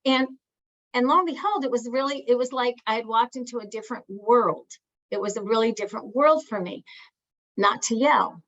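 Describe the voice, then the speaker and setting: A woman's voice: a little high, animated, normal speed, fairly bright tone. Therapist lady teaching, earnest, repeats herself a lot, kinda muffled sound. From Italian family. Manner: earnest, repeats words and restarts, acts out parent phrases. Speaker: family therapist. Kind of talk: educational talk.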